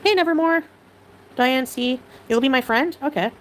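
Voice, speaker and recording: A woman's voice: high voice, normal speed, slight background noise. Chatty Canadian woman livestreamer. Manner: chatty, bubbly greetings to viewers. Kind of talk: reading chat comments aloud.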